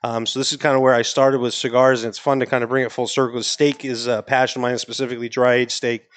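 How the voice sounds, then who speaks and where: A man's voice: mid-range voice, little pitch movement, quick pace. Easygoing New England man, rambling guest. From Maine. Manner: rambling, restarts a lot, easygoing. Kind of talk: casual podcast chat. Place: podcast studio.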